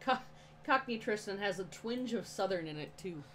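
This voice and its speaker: A woman from the Midwestern United States with a Midwestern American accent, making quick, matter-of-fact remarks in a casual chat as co-host. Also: mid-range voice, lively intonation, a bit bright.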